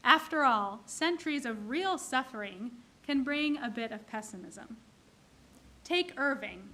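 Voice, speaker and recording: Woman clergy delivering a humorous sermon, high, slow, unhurried storyteller. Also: animated, pushed and bright, slight background noise. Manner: storytelling, acting out characters in jokes. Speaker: clergy leading a service. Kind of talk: sermon with jokes. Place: synagogue.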